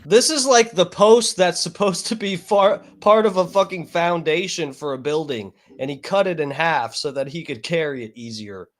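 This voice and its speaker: Man, fairly high voice, casual stream commentary, rambling, profane, lots of fillers. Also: moderate pace, hardly any pauses. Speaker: streamer reacting to videos.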